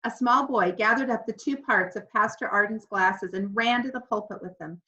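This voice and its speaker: A woman narrating a children's storybook with clear, expressive delivery. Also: mid-range voice, normal speed. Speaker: audiobook narrator. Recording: slightly dull lo-fi recording.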